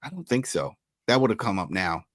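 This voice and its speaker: A man co-hosting a casual TV recap, animated and acting out lines for laughs. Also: fairly low pitch, a little fast, no echo, clean studio sound. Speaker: podcast co-host.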